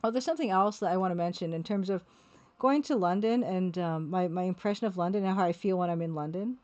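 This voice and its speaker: A woman's voice: on the low side, fast talker, a little mellow, dull audio. Rambling Canadian woman streaming. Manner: rambling, self-deprecating, talks to her chat. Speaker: artist streaming her work. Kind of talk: casual livestream chat while drawing.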